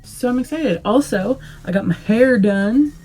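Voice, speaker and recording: A young adult woman chatting casually through a makeup tutorial, relaxed and rambling with many fillers. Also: on the high side, unhurried, soft background music. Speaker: beauty vlogger.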